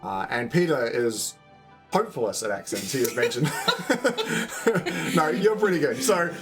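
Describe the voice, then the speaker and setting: Brief: New Zealand guy, let's play host, rambling and upbeat, a bit high, very animated. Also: measured pace, over music. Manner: upbeat, rambling, explaining as he goes. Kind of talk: casual game commentary.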